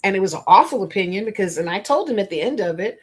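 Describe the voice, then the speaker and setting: A woman with a husky, slightly breathy voice hosts her own spiritual coaching podcast. She talks straight to her listeners, blunt and emphatic, slipping into stories and frank asides. Her pitch sits in a comfortable middle range. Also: animated, fast. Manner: storytelling and preachy, addressing listeners directly. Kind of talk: motivational podcast monologue.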